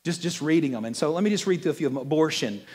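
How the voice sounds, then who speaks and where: A man preaching from a church pulpit, his voice sitting high for a man and lifting often when he gets excited. He talks to the congregation as if chatting, mixing jokes into the message. A long reverb from the sanctuary trails behind his words. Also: very fast. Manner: animated, conversational preaching with playful asides. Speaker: pastor. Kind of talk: sermon.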